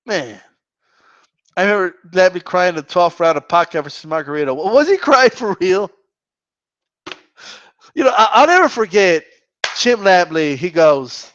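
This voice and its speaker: A man's voice: high voice, expressive, moderate pace, pauses often, fairly bright tone, lo-fi sound. A man hosting a live boxing talk stream, ranting with profanity and mocking mimicry. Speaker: boxing channel host. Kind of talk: live Q&A rant.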